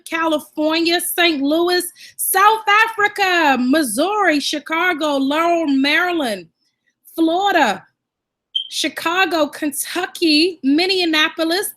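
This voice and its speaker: A woman's voice: very high-pitched, fairly bright tone. A woman from Washington, D.C. hosting a live online class, upbeat and greeting viewers by name and where they are from.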